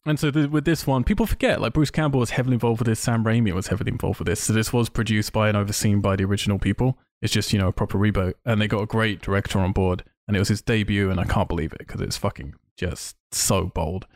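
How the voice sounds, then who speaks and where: A man co-hosting a podcast in casual chat, enthusiastic and quick, swearing freely. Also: fairly low pitch, no echo, clean studio sound. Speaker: podcast co-host.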